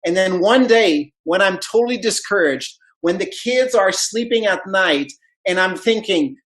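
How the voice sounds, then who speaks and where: A man's voice: high voice, a little slow, poor audio. A man whose first language is not English gives a motivational talk about network marketing, telling stories and acting out the voices in them. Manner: animated storyteller, acts out quoted dialogue.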